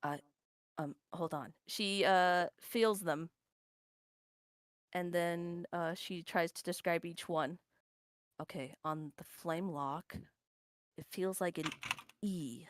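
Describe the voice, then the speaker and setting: A woman's voice: on the low side, slow pace, long pauses, no echo, studio quality. A woman player on a voice call, describing her character's actions in a hesitant, apologetic way.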